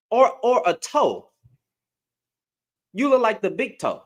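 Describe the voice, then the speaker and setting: Young guy with a high lively voice ranting into his webcam, keeps repeating stuff like he can't believe it. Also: slow pace. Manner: ranting, repeats phrases, incredulous. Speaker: commentary vlogger. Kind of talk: reaction commentary. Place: home. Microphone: computer webcam.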